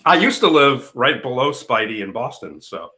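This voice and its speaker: Bright, lively low-voiced man hosting. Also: moderate pace. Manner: excitable, laughs often. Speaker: podcast host. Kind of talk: casual chat.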